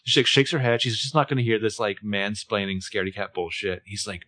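A man's voice: lowish voice, steady tone, fast talker, few pauses, bright, forceful tone. A man co-hosting a casual recap podcast, narrating scenes with wry, joking asides. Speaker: podcast co-host recapping a TV episode. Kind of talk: casual chat.

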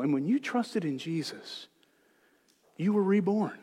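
High-voiced preacher in a reverberant hall. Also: male voice, animated, measured pace, breathy edge. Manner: swings between hushed, gentle reassurance and loud, emphatic preaching. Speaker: pastor. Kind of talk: sermon. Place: church sanctuary.

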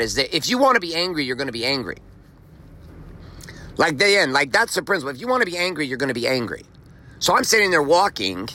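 Bright-voiced motivational podcast man. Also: fairly high pitch. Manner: emphatic, profane, repeats phrases for effect. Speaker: podcast host. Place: outdoors walking in the rain.

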